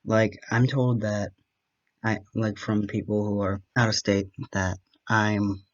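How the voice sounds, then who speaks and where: A young podcast host from Wisconsin, with a light local accent, rambles chattily through a solo monologue, joking with himself and poking fun at himself. His voice is on the low side and level, and he takes his time. The audio sounds dull.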